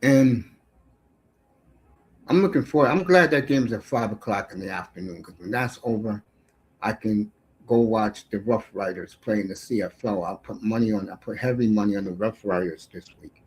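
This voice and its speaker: A middle-aged man hosting a sports talk show, giving a brash, profane casual rant that swings between shouts and mutters. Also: fairly low pitch, moderate pace, a little hiss or hum, rough recording.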